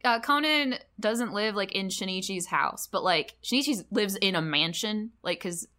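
A woman's voice: mid-range voice, expressive, moderate pace, bright, forceful tone. A woman co-hosting a podcast in casual chat, rambling with lots of "like" and frequent laughter. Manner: rambling, heavy on "like", laughs often. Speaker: podcast co-host.

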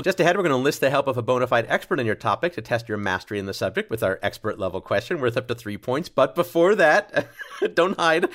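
A man's voice: mid-range voice, fairly bright tone. A man hosting a comedy trivia podcast, reading questions in a playful way and laughing often. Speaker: quiz show host.

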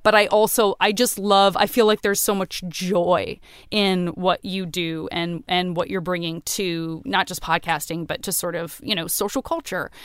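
Smooth-voiced woman chatting animatedly. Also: normal speed, no room sound, clean studio sound. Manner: animated, acts out quoted voices with big pitch jumps. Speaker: podcast host. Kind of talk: casual conversation.

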